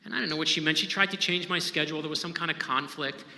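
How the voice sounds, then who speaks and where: Recorded in an echoey hall with long reverb, a male novelist shares inspiring stories in a conversational, emphatic manner and keeps checking in with the audience. His voice is on the high side, creaky, pushed and bright, and he speaks quickly.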